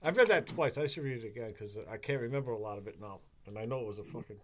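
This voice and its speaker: Male podcast host, casual, profane, animated storyteller, ordinary pitch. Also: very fast, slight background noise. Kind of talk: casual chat.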